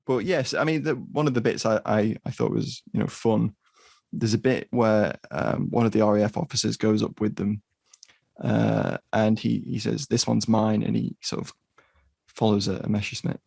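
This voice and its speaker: A man talks casually as a podcast co-host. His voice is low, with a gravelly, husky texture, and the recording is dry and close. He often stops and restarts his sentences. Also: steady tone, normal speed, a little mellow, no echo. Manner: hesitant, many restarts.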